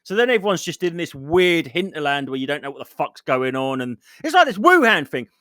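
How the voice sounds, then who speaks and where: A man's voice: a little high, big pitch swings, brisk, a bit bright, no echo, clean studio sound. A man, co-hosting a comedy podcast, ranting and swearing as he mimics other people. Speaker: podcast co-host. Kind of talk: casual comedy podcast rant.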